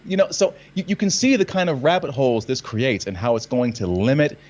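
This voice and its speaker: A man's voice: mid-range voice, a little fast, lo-fi sound. A man and actor talking in a casual conversation, telling stories with energy and acting out lines in different readings. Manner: animated storytelling, acts out lines in different readings. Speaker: actor and guest.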